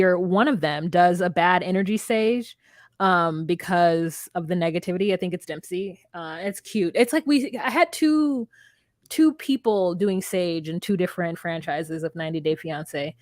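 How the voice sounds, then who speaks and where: A woman's voice: lowish voice, a little slow, no echo, studio quality. A woman co-hosting a podcast, recapping a reality show in casual chat with a wry, hesitant manner. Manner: chatty and wry, with frequent hesitations and laughs. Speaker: podcast co-host.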